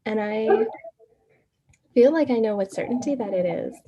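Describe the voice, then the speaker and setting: A woman guest in an interview, telling her story in a casual, animated way, laughing often and acting out the quoted exchanges. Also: on the high side, normal speed, muffled recording, background noise.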